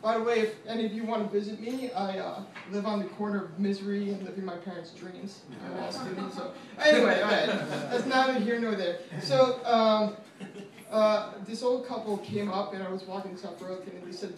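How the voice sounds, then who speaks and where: This young man in his twenties, a law student, talks fairly quickly in a high, steady voice while a crowd is heard behind him. He's doing profane, self-deprecating, filler-heavy open-mic comedy in a small venue with a live audience, recorded noisily from a distance in an echoey room.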